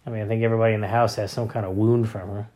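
A father in his thirties talks casually about home life, wandering from thought to thought with plenty of fillers. His voice sits low and stays fairly level in pitch. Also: level tone, racing, darkish tone. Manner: rambling, many fillers and restarts. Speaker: father of young boys. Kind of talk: casual family vlog talk.

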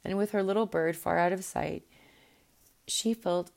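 A woman reading a fairy tale aloud in a gentle, unhurried way, with the odd small restart. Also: fairly low pitch, gravelly. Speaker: storyteller. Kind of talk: storybook read-aloud.

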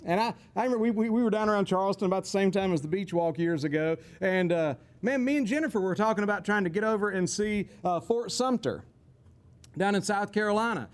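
A man's voice: high voice, fast talker. A man giving a casual, folksy teaching talk, rambling with chuckling asides. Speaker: teacher on temperaments.

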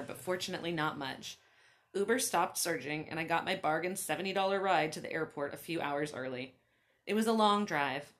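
A woman who hosts a podcast, reading her own story aloud with animated, laughing asides to her listeners. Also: lowish voice. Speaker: author and podcast host.

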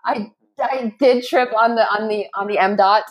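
Middle-aged woman telling a lively story. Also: on the high side, normal speed. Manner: animated storyteller with frequent restarts. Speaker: guest. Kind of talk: casual interview talk.

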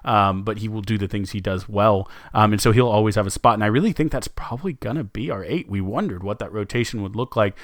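Low-voiced man talking basketball, rambling. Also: fast talker, hardly any pauses, no room sound, clean studio sound. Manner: rambling, many fillers and restarts. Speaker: sports podcast co-host. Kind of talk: casual sports chat.

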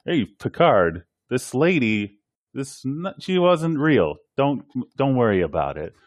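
A man co-hosting a podcast in casual chat, turning animated when he quotes characters. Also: mid-range voice, takes it slowly, dry recording, studio quality. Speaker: podcast co-host.

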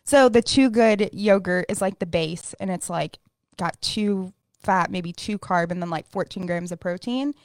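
A woman's voice: lowish voice, measured pace, darkish tone, no echo. A woman fitness coach chatting casually, upbeat, laughing often and saying "like" a lot. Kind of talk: casual podcast chat.

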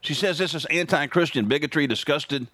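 A man hosting his own podcast, talking casually and sarcastically in an animated opinion monologue from home. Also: brisk, dry recording, studio quality. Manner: animated, sarcastic, jumps high in pitch for emphasis. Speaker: podcast host.

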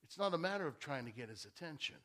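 Bright, high-voiced preaching man. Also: expressive, fast talker. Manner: conversational preaching that repeats key phrases for emphasis. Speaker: pastor. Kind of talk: sermon. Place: church.

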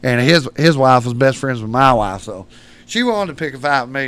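A man's voice: mid-range voice, lively intonation, normal speed, a little hiss or hum. A man, a podcast guest telling rowdy stories with lots of laughter. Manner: rowdy, laughing, acts out shouted quotes. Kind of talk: storytelling in casual chat.

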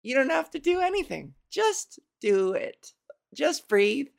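A woman hosting a solo podcast, talking slowly and unhurriedly in a voice with a gravelly edge of vocal fry. She rambles and mocks herself, breaking into laughs at her own jokes. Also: high voice, sing-song. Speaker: podcast host. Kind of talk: casual solo podcast chat. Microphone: studio microphone.

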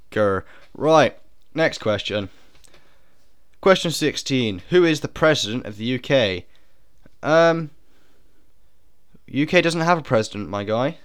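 A man's voice: medium pitch, lively intonation, unhurried, long pauses, smooth, dry recording, clean studio sound. A young man taking an online quiz on camera, thinking aloud, second-guessing himself and cracking puns. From United Kingdom. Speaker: video creator doing a quiz. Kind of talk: casual commentary while taking an online quiz.

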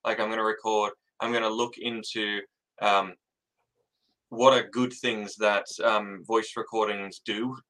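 A man with a bright, forward voice chats as a guest in an interview. He is jittery and rambling, trips over his own sentences, and laughs often at himself. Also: lowish voice, level tone, a little slow, poor audio. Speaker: author guest. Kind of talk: casual interview chat.

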